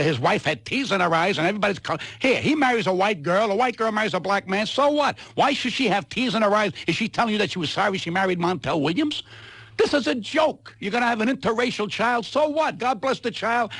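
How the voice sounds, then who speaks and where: Radio guest rant: New man, indignant and loud, dry close mic. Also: sits high, husky, no room sound. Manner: loud, indignant, ranting with repetitions. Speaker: comedian guest on radio talk show.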